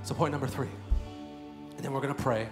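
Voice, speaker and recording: A man in his thirties preaching a sermon, moving between quiet personal storytelling and loud, fervent prayer. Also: medium pitch, steady tone, a little fast. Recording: echoey room with faint music.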